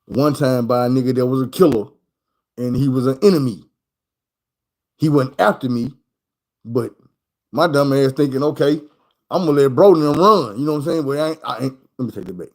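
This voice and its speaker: A man's voice: mid-range voice, brisk, long pauses, poor audio. A man casually telling a story in loose, profane street talk, acting out the people in it. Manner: animated, acts out the people in his story. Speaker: streamer.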